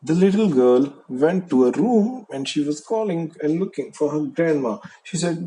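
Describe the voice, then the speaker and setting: A man telling a bedtime story to a young child, gentle and asking the listener questions. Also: fairly high pitch, lively intonation, normal speed, few pauses, low-quality recording.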